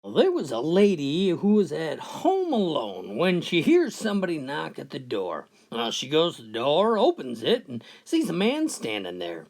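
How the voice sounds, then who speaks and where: A man's voice: on the high side, wildly swooping pitch, normal speed, gravelly, hardly any pauses, a little mellow. A man telling long jokes in a folksy storytelling way, often starting with "well". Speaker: joke teller.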